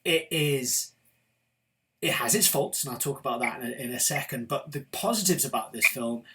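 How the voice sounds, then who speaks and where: A man's voice: mid-range voice, normal speed, fairly bright tone. Opinionated British man reviewing films. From Britain. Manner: enthusiastic, opinionated, swears. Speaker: film show host. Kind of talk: casual film review chat.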